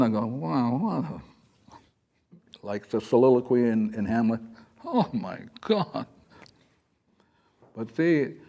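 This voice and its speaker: Here a man with a mellow, medium-pitched voice holds an informal spiritual talk before an audience. He's a spiritual teacher who chats and rambles freely, frequently voicing little quotes as he goes.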